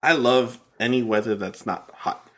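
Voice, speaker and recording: A man's voice: medium pitch, normal speed, a bit bright. A man co-hosting a podcast, talking in an easygoing way and laughing often. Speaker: podcast co-host. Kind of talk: casual chat.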